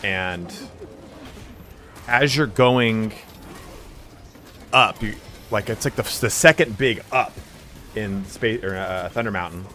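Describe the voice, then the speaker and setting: A man live-streaming a game, chatting casually and telling stories in a loud, animated voice. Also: lowish voice, slow, long pauses, soft background music.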